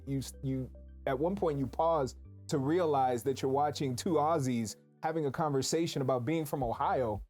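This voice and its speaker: A man's voice: medium pitch, normal speed, a little mellow, soft background music. A man hosting a casual interview, upbeat and laughing often as he hypes things up. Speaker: interview host.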